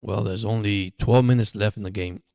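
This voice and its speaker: A man hosting a livestream, chatting casually and getting excited as he reacts to a football game. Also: lowish voice, normal speed, creaky, dry recording, studio quality. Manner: chatty, excitable during plays. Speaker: livestream host. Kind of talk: casual live game commentary.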